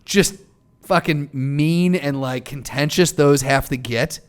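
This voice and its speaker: A man's voice: fairly high pitch, takes it slowly, clean tone. A man co-hosting a podcast in casual comedic chat, swearing and egging on the jokes. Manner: laughs easily, swears, eggs on the jokes. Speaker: podcast co-host.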